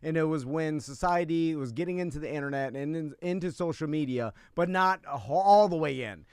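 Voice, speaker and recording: Smooth-voiced male co-host, halting. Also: fairly high pitch, darkish tone, no room sound, studio quality. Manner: halting, many fillers while setting up a question. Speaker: show co-host, former radio host. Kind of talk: casual chat.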